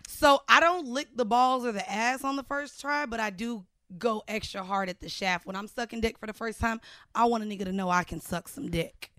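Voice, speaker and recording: A woman's voice: a little high, brisk, sharp tone, dry recording, studio quality. Playful, frank woman podcast co-host. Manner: playful, laughing, frank banter. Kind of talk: casual chat.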